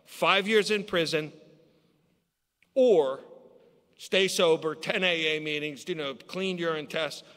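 A man giving a recovery share at a conference, telling his story with lively acted-out dialogue. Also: fairly high pitch, slow pace, long pauses. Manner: storytelling, acts out quoted voices. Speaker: AA speaker. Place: conference hall. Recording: long hall reverb.

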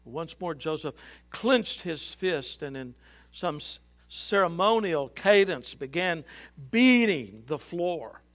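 A male pastor reading scripture and a book aloud dramatically in a church, swinging between loud and hushed. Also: fairly high pitch, expressive, slow pace. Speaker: senior pastor. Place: church sanctuary.

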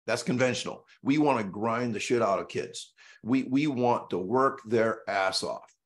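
A man's voice: medium pitch, measured pace. A male coach giving a presentation in a blunt, emphatic way, hammering points home with repetition and an occasional mild curse. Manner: casual and salty, with mild swearing.

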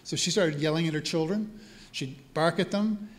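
At a church hall event, a man tells stories to a live crowd in a conversational style, regularly checking in with his listeners. He works as a priest and teaches spiritual care, and his voice is a little high, delivered at a moderate pace.

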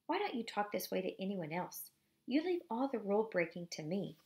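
A woman's voice: mid-range voice, very animated, a little fast, a little mellow. A woman reading the part of a curious, rule-breaking boy, eager and teasing.

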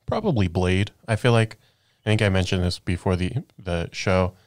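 Deep-voiced man, thoughtful and measured. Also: animated, no echo, studio quality. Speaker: podcast panelist. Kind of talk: casual chat.

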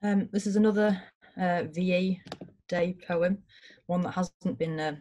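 A woman hosts a poetry reading over a video call and introduces each piece in a casual, halting way full of fillers. Her voice sits a little low, and she reads her own poems in a firmer tone. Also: steady tone, mellow, dull audio, a little hiss or hum. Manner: casual, hesitant introductions with many fillers, then firm recitation. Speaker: host and poet.

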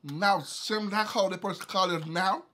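A man's voice: high voice, moderate pace, bright, forceful tone. A man at home in a casual mukbang video, questioning his wife insistently and suspiciously. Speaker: vlogger, husband. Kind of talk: casual argument during a mukbang.

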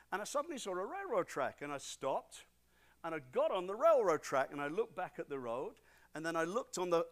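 A middle-aged British man preaching a sermon as pastor, swinging between loud emphatic preaching and quiet storytelling. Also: on the high side. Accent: British English. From Britain. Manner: animated, emphatic, repeats for stress.

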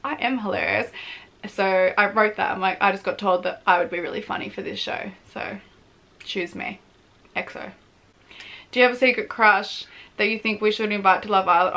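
A young woman in her twenties talks straight to camera in a loose, chatty vlog. Her voice is bright and forward, and she swears easily, laughs a lot and pokes fun at herself. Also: medium pitch, moderate pace. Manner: chatty, swears freely, laughs often, self-mocking. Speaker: vlogger, former reality show contestant. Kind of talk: casual advice vlog.

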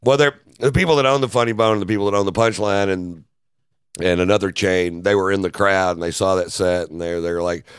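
A man's voice: sits low, a little fast, clear, resonant tone, dry recording, clean studio sound. A man, a comedian, telling a loose, profane story in a casual interview. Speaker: comedian guest. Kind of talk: storytelling anecdote.

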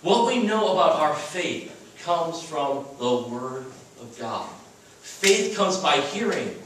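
A man's voice: fairly high pitch, a bit bright, slight background noise. A man preaching an earnest, emphatic sermon as a chapel speaker at a Christian school. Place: chapel at a retreat. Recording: echoey room from far off.

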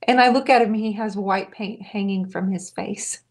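A woman's voice: medium pitch, fairly even intonation, normal speed, heavy background noise. A woman in her forties hosting a live painting show, chatting and telling stories as she paints. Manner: chatty, storytelling, laughing often. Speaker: painting livestream host. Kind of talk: casual chat while painting.

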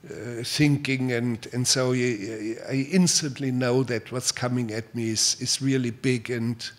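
Speaking at medium pitch with fairly even intonation, an older man from Germany answers questions from a public-talk audience in a German accent. His delivery is measured, with many pauses and repeated words.

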